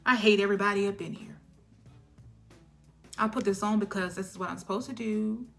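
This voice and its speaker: A woman's voice: medium pitch, fairly even intonation, brisk, creaky, faint music behind, natural voice. A woman voicing a controlling, manipulative past lover who taunts and whispers her confessions. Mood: scheming. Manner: taunting, shifts into whispered confessions and fake sweetness.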